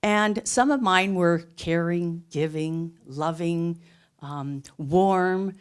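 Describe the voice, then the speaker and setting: A woman's voice: on the low side, takes it slowly, clean tone. A middle-aged woman telling her own life story in an earnest, emphatic way, building up short phrases one after another. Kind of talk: personal storytelling talk.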